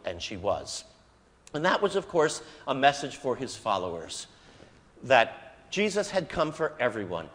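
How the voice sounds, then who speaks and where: A man, a priest, giving a sermon in a conversational storytelling manner, acting out quoted lines with lively inflection. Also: mid-range voice, measured pace. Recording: long reverb of a church.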